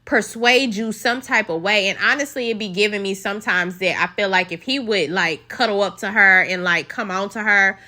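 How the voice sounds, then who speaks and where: Bright, animated woman; blunt, profane recap host who mimics the people she talks about. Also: mid-range voice, moderate pace, hardly any pauses. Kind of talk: casual reality-show recap commentary.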